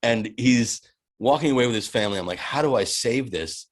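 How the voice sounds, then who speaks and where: A man in his forties, a podcast guest, telling an animated, profane anecdote with many restarts and bursts of laughter. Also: medium pitch, brisk. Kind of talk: casual storytelling.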